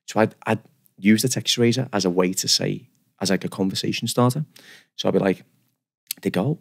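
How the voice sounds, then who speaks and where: Guy in his 30s, rattles off stories quick, bit of gravel in the voice, keeps laughing at himself. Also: on the low side. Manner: animated, self-deprecating, rambling with restarts. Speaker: guest barber. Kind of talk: casual podcast storytelling.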